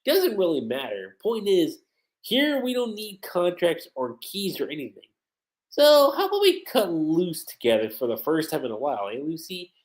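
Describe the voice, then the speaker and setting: A man's voice: on the high side, big pitch swings, normal speed, pitched above the performer's own voice. A man doing a brash young anime hero. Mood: casual. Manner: blunt, casual. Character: brash, cheerful young male fighter.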